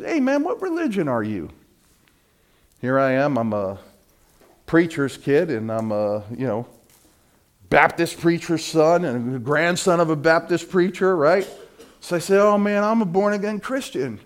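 A middle-aged male preacher with a somewhat high voice delivers a sermon. He builds to loud, fervent peaks, then drops to a low, hushed storytelling tone.

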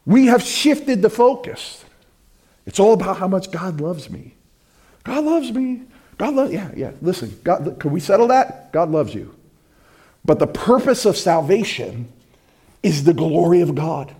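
A man preaching a sermon, swinging between loud proclamation and hushed, intimate asides. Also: high voice, sing-song, measured pace, breathy edge. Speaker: pastor.

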